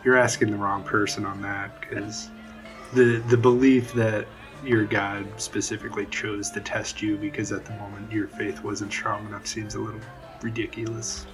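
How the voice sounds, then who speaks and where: A man plays a cynical, blunt brawler in a tabletop role-play, with a lowish voice and a dismissive edge. Faint music plays behind him. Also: level tone, moderate pace, lightly acted, rough recording.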